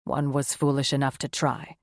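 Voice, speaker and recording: A woman voicing a protective male werewolf tracker in an audiobook, speaking low and calm. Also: normal speed, no echo, studio quality. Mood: steady, reassuring.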